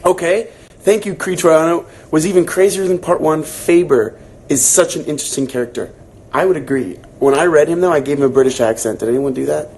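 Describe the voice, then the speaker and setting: Gravelly, husky young man chatting casually. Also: on the high side, brisk. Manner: chatty, relaxed, filler-heavy, reacting to comments. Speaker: book club host. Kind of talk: casual livestream chat reading viewer comments.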